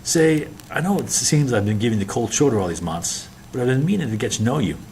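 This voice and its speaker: A man's voice: mid-range voice, animated, brisk, darkish tone, slight background noise, voice pushed up, lightly acted. A man reading a bitter, scheming young naval officer who snaps orders and puts on forced friendliness. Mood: falsely friendly.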